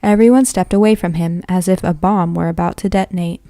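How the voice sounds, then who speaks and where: A woman's voice: lowish voice, fairly even intonation, brisk, vocal fry, mellow, no room sound. A woman reading a novel aloud in a plain manner, with occasional slips that she corrects. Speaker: reader.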